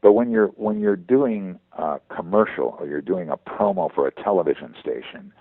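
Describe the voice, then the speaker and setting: Very deep-voiced veteran voice man on a phone line. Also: lively intonation, no room sound. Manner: halting, many repeated words. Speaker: veteran voice actor, interview guest. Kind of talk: phone interview chat.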